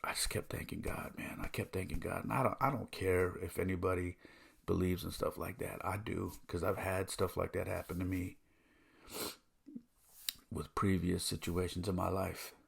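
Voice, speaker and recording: Gravelly, husky man telling a story. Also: deep voice, level tone, moderate pace. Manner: earnest, emotional, thinking aloud. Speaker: podcast host. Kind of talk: personal storytelling.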